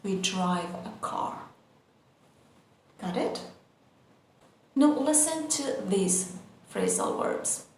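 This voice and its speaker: A woman's voice: medium pitch, expressive, drawn-out words, pauses often, darkish tone. A woman teaching English vocabulary, repeating each word twice and checking in with the listener. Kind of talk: slow, repetitive vocabulary lesson. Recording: very echoey room, faint noise.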